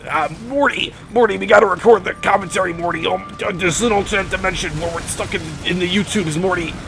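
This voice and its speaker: A man doing an impression of a rambling old male mad scientist, calling out in a slurred, shouty way. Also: high-pitched, quick pace, gravelly, soft background music, pitched above the performer's own voice. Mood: cranky.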